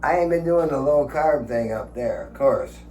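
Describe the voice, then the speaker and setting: In an echoey room with a slight hum, a vlogger in his sixties tells casual stories, cursing and chuckling along the way. His medium-pitched voice is dark-toned and expressive, moving at a normal speed.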